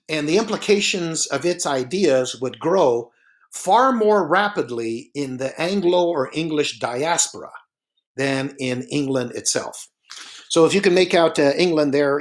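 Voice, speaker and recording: A man with a slightly high voice narrates a slideshow lecture, explaining things in a relaxed manner. He uses plenty of filler sounds and sometimes draws words out slowly for emphasis.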